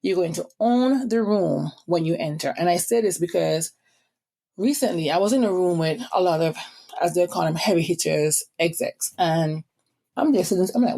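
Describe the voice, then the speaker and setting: A young Caribbean woman hosts her podcast in a low, gravelly voice. Her island accent comes through strongly, and she talks quickly, giving encouragement with frequent asides. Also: warm tone. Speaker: podcast host. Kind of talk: motivational podcast monologue.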